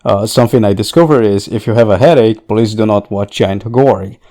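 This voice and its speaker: A man's voice: on the low side, a little fast, dark tone. A man co-hosting a podcast, chatting casually and laughing between his points. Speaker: podcast co-host. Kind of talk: casual chat.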